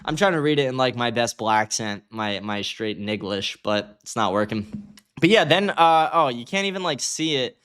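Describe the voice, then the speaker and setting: A man's voice: medium pitch, animated, moderate pace, fairly bright tone, smooth. A young man hosting a livestream, giving angry, profane commentary and reacting to his chat. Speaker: livestream host.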